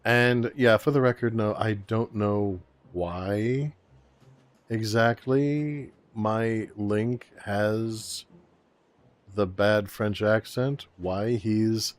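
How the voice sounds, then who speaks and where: A man hosting a let's play, making casual low-key asides about his own playthrough. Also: slow pace. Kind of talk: casual gameplay commentary.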